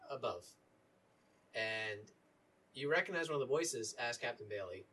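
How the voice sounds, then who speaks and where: A man running a tabletop game as dungeon master, narrating in a relaxed, halting way with many fillers. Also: mid-range voice, breathy edge. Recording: voice a little distant from mic.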